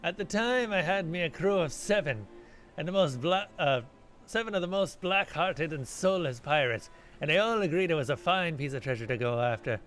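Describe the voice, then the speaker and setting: A man's voice: fairly high pitch, lively intonation, normal speed, a bit bright. A man voicing a grim, boastful old male pirate ghost, reading game dialogue aloud in salty pirate talk.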